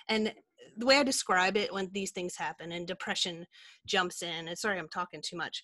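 A woman's voice: on the low side, steady tone, normal speed, a bit bright, dry recording. A woman co-hosting a podcast, talking in a candid, rambling way with many fillers. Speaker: podcast co-host. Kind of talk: casual chat.

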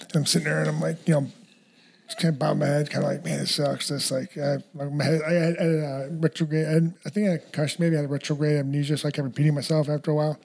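A young man telling a story in a casual, animated way, laughing often and using slang. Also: fairly high pitch, rapid-fire, vocal fry. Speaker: guest, fighter.

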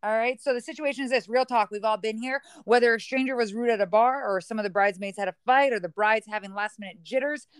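A woman's voice: on the high side, quick pace, hardly any pauses, clear, resonant tone, no room sound. A woman, the bride, chatting casually and teasing her maid of honor. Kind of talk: casual chat.

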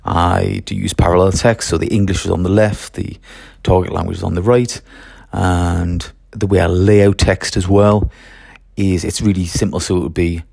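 A man's voice: sits low, fairly even intonation, moderate pace, creaky, darkish tone, dry recording, clean studio sound. A man who teaches French, talking through his methods in a chatty solo podcast, with fillers and restarts.

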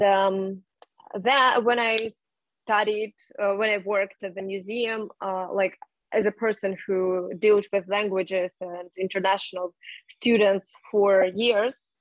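A woman's voice: mid-range voice, dry recording, muffled recording. Hesitant woman speaking English. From Russia. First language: Russian. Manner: hesitant, many fillers and restarts. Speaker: guest. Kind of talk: casual interview.

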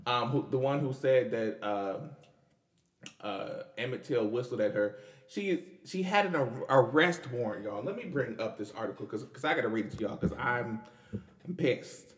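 A man's voice: mid-range voice, normal speed. Young man, casual podcast host, chatty, stumbling restarts. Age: 20s. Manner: chatty, animated, many restarts and laughs. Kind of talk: casual news commentary.

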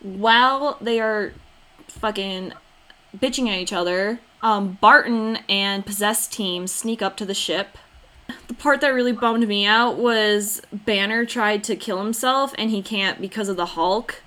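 A young woman with a bright, ringing voice talks loosely and fast. She swears often and acts out lines from the film she is recapping. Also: mid-range voice. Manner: swears freely, acts out quotes, laughs often. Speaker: podcast co-host recapping a film. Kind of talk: casual chat.

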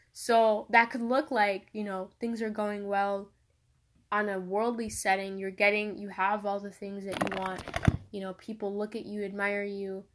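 A woman talking casually about faith and a song, rambling and animated, with many fillers and restarts. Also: mid-range voice.

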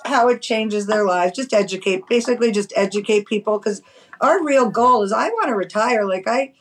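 A woman from New York City speaks as a podcast guest, quick and insistent, piling one point on the next. Her voice sits at an ordinary middle pitch, and she stresses her claims with force. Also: poor audio. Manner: fast, enthusiastic, emphatic. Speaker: guest, cannabis medicine grower. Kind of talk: casual interview chat.

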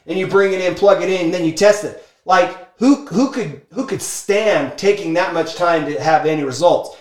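A man telling a business story in an energetic, emphatic monologue, peppering his talk with "like" and "okay?". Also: high voice, normal speed. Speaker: speaker sharing business lessons from a book. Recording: echoey room.

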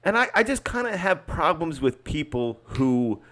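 Man in his fifties, podcast co-host, profane, sarcastic, very lively pitch. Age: 50s. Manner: profane, blunt and sarcastic, quick to rant. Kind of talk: casual chat.

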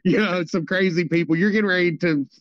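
A man's voice: high voice, steady tone, fast, no room sound, highs cut off. A man co-hosting a podcast, bantering crudely and laughing often. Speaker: podcast co-host. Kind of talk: crude casual chat.

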